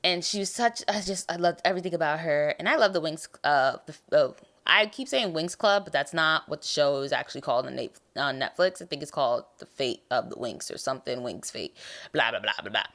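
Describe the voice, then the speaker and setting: A tired young American woman hosting a podcast, chatting casually about a TV show in a rambling, animated way. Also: low-pitched, fairly quick. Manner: rambling, animated, trails off and restarts. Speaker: podcast host. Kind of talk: casual TV review chat.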